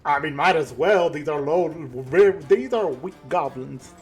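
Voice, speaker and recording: A man's voice: on the high side, a little slow, husky, faint music behind. A man running a tabletop game as game master, narrating in a casual, joking way.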